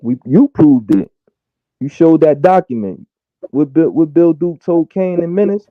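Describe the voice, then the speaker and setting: A man's voice: fairly high pitch, lively intonation, unhurried, no room sound. A man taunting and talking over others in a heated argument on a live stream. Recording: tinny phone-like line.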